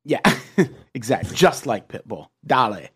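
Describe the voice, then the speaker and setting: A man hosting a podcast, telling a story in casual chat, animated and quick to laugh. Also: medium pitch, breathy edge. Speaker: podcast host.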